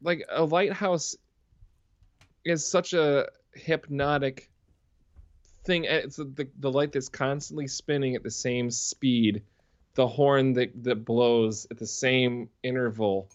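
A man's voice: medium pitch, fairly even intonation, slow, no room sound, muffled recording. A man co-hosting a podcast, chatting about a film in a laid-back way. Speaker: podcast co-host. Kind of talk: casual film discussion.

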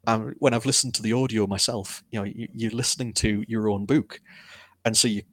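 A man talks through his story in a casual interview. His manner is candid and self-deprecating, and he gets animated as he recounts things. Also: fairly low pitch, fairly quick, no echo. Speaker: author guest.

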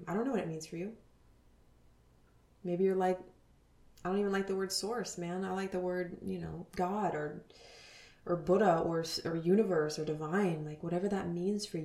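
A woman in her thirties hosting a spiritual podcast, talking earnestly and dropping into soft whispers. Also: fairly low pitch, fairly even intonation, fairly quick, roomy sound. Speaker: podcast host.

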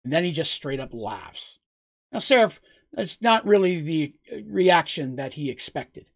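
Guy running a tabletop game, rambly narration, husky voice. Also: a little high, sing-song, measured pace. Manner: loose, rambling narration with restarts.

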